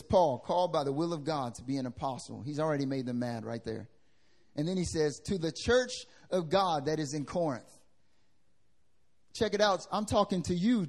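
A young adult man preaching a sermon as pastor to a congregation in a church, with big swings in pitch and loudness and casual slang.

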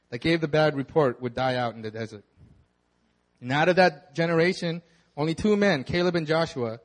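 Young guy pastor, high voice, chatty sermon, does silly voices for the crowd. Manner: casual storytelling, acts out the crowd in dramatic voices. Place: church hall.

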